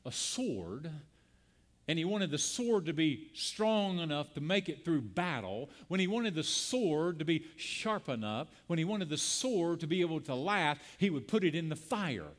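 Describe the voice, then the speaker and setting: A man's voice: fairly high pitch, animated, a little slow. Impassioned man preaching a sermon. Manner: preaching with call-and-response and rising emphasis. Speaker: pastor. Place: church sanctuary.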